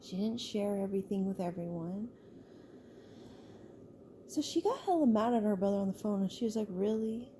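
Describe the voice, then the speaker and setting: Dark-voiced woman telling a casual story. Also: medium pitch, animated, normal speed, pauses often, a little hiss or hum. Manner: loose and chatty, full of "like" and restarts.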